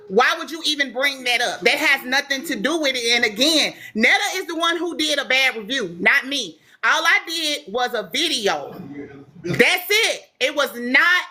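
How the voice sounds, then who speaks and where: A woman's voice: high-pitched, bright, forceful tone. A woman hosting a livestream, arguing passionately while crying and insisting she meant no harm. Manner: impassioned, tearful, insistent. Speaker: livestream host. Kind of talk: emotional livestream argument.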